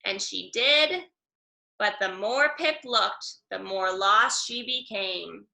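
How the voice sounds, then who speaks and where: A woman reading a children's picture book aloud, slow and expressive, with sound effects. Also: mid-range voice, vocal fry. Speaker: storybook reader. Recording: echoey room.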